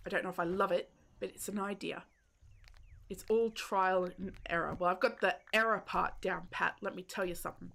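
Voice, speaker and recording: A woman's voice: medium pitch, normal speed, vocal fry, a bit bright. A woman, casually chatting with viewers while live-streaming a game, joking about herself and laughing often. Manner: self-deprecating, giggly, chats with viewers.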